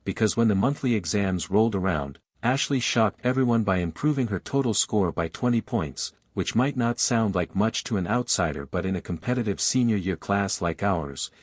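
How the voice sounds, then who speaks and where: Male narrator, first-person romance story, fairly low voice, steady flowing delivery, dry close sound. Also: husky, dry recording. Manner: flowing, steady storytelling in long run-on sentences.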